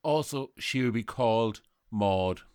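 A man's voice: fairly low pitch, a little slow, a little mellow, smooth, no echo, clean studio sound, natural voice. A man playing a lovesick poet with a Sligo Irish accent, speaking in wistful poetic lines in a comedy sketch. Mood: dreamy. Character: lovesick older male poet, dreamy, single-minded.

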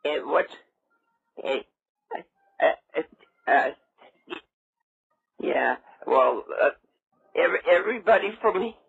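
Confused raspy old man on the phone. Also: a little high, expressive, takes it slowly, pauses often, fairly bright tone, no room sound. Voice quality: raspy, gravelly. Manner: confused, rambling, repeats himself. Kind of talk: prank call clips. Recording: muffled phone line.

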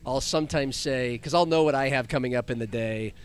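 A man hosting a casual sports podcast in a mid-pitched, ordinary voice. He often stops and restarts his sentences while he works out his point. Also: clear, resonant tone. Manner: halting, many restarts. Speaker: podcast host.

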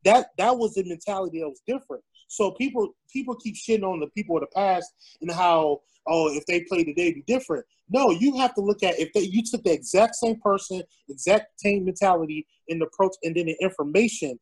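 A man's voice: sits high, animated, a little fast, hardly any pauses, darkish tone, husky, poor audio. A man in casual podcast chat, talking loosely with frequent swearing and restarts.

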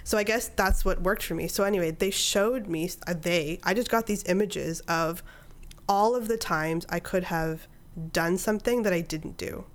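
A woman's voice: fairly low pitch, normal speed. A woman in her thirties, a podcast guest, telling a personal story in casual conversation and acting out her own inner dialogue.

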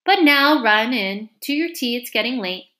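Storybook sister: a woman playing a tender, coaxing young woman with a bright, lively voice. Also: fairly high pitch, moderate pace. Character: gentle, affectionate older sister.

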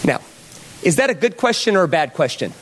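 A man's voice: on the high side, sing-song, fairly quick, a little hiss or hum. A male pastor telling a story in a sermon, talking conversationally and putting questions to the audience.

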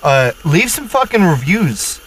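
Male co-host, loose joking chatter, a bit high. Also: big pitch swings, a little slow, fairly bright tone, a little hiss or hum, rough recording. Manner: joking, rambling with restarts. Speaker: podcast co-host. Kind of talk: casual chat.

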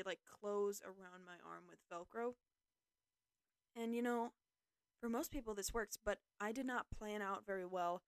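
A young woman talks through her podcast in a loose, rambling way, full of fillers and jokes at her own expense. Her voice is smooth and clear, recorded close and dry with no room sound. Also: medium pitch, dry recording. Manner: rambling, self-deprecating, filler-heavy. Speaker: podcast host. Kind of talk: casual solo podcast talk.

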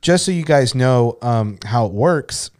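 A man co-hosting a podcast talks in a loose, rambling way, sprinkling in swear words. His voice sits at an ordinary middle pitch for a man. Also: lively intonation, unhurried, darkish tone. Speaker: podcast co-host. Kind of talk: casual chat.

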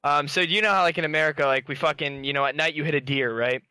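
Man, bright voice, rapid talk, says bro a lot, dry sound. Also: fairly high pitch, clear, resonant tone, no echo. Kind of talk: casual group chat.

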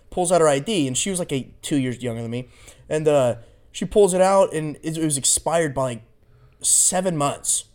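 A man's voice: a little high, normal speed, darkish tone. A young man casually telling a rambling, profane story on a podcast. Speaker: podcast co-host.

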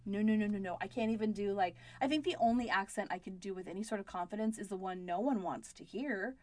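A woman co-hosting a podcast in casual chat, giggly and animated, swearing freely. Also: medium pitch, quick pace, no room sound. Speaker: podcast co-host.

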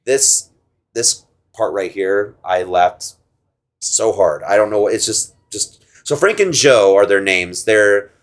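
A man's voice: lowish voice, lively intonation, slow. A man co-hosting a podcast, casually retelling a film's plot, laughing often and slipping into silly voices for the characters' lines. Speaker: podcast co-host. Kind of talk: casual movie recap chat.

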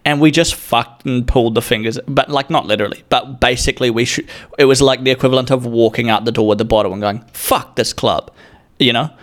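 A man's voice: medium pitch, fairly even intonation, fast. Man, young adult, New Zealand accent, rambling comic story, sweary, self-mocking.

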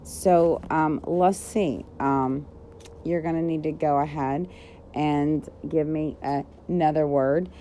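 Low, slow-talking playful woman. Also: steady tone, warm tone, a little hiss or hum. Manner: giggly, playful, reads definitions aloud. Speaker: podcast co-host. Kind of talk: casual chat.

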